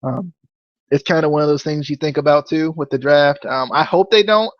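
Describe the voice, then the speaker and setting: Excitable rambling young man. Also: on the high side, normal speed, no echo, highs cut off. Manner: rambling, stammers and repeats words, excitable. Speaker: podcast host. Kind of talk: casual wrestling review.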